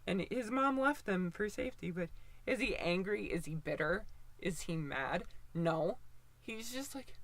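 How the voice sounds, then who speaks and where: A woman's voice: medium pitch, animated, measured pace, dry recording. A woman in her twenties giving casual, opinionated commentary, rambling with lots of fillers and restarts. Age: 20s.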